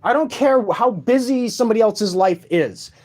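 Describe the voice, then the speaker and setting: A man's voice: very high voice, expressive, normal speed, darkish tone. A sleep-deprived man in an agitated, profane rant, speaking in a room of a shared home late at night. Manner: agitated, profane, repetitive ranting.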